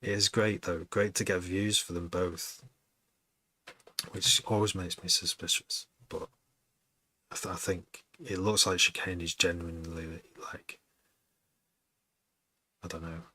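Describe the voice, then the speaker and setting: A man's voice: deep voice, level tone, unhurried, pauses often, sharp tone. A man streaming a music production session, chatting casually in a rambling way, swearing often and breaking off mid-sentence. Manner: starts and stops mid-sentence, repeats words. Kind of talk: casual chat.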